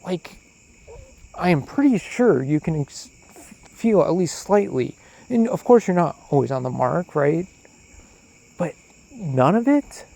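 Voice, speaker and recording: A man's voice: on the high side, unhurried, gravelly, poor audio. A man delivering a profane, rambling monologue outdoors at night, with crickets chirping behind him. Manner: profane, animated, questioning. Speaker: solo podcaster. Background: crickets and insects.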